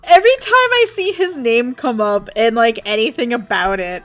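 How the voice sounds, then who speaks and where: Give me a young woman ranting casually on a game stream with a lively, bouncing pitch. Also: moderate pace, few pauses, soft background music. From Southern United States. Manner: animated, laughs often and swears freely. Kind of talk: casual chat while gaming.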